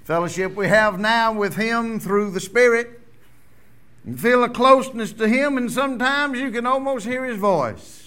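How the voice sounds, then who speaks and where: In a very high-pitched male voice at normal speed, a middle-aged pastor preaches, alternating loud, ringing declarations with hushed lines that are close to a whisper.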